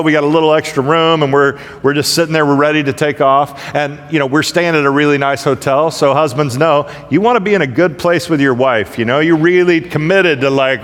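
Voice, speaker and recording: A man's voice: a little high, fairly bright tone, big-room sound. A middle-aged man preaching a sermon, conversational and humorous, telling stories and acting out voices. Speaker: pastor. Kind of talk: sermon with storytelling. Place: large church hall.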